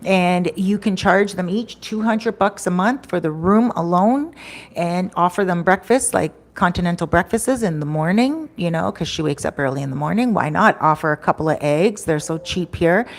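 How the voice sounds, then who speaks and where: A woman vlogger telling a story in a chatty, animated way, laughing often. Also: lowish voice, moderate pace. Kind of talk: casual storytelling.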